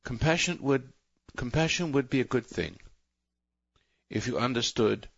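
A man's voice: medium pitch, expressive, measured pace, creaky, slightly rough, no echo, dull audio. A man hosting a call-in radio show, lecturing in a rambling, preachy way and often breaking off mid-sentence. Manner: rambling, self-interrupting, preachy. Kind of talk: talk radio monologue.

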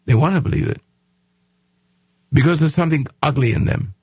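A man hosting a radio talk show, delivering an emphatic, preachy monologue in a rough voice that he raises as he speaks. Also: on the high side, brisk, darkish tone, no echo. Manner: emphatic, raising his voice, preachy.

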